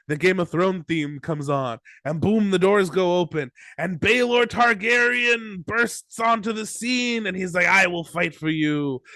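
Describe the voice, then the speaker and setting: A man's voice: high voice, a bit bright, dry recording. A man hosting a podcast, ill at the moment, recapping a story in a rambling, profane, jokey way. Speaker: podcast host. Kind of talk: casual recap chat.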